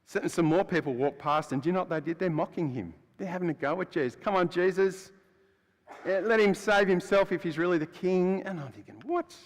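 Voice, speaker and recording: A man preaching as the freed prisoner Barabbas, telling his story in the first person with a chatty, storytelling manner that swings between loud and hushed. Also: high-pitched, brisk, natural voice. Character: adult male prisoner Barabbas, rough and blunt. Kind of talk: first-person dramatic monologue in a sermon. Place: church. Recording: long church hall reverb.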